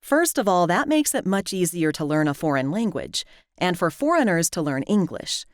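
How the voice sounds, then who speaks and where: A woman narrating a scripted lesson, clearly and deliberately, stretching out the example words. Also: lowish voice, big pitch swings, no echo, clean studio sound. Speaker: language teacher.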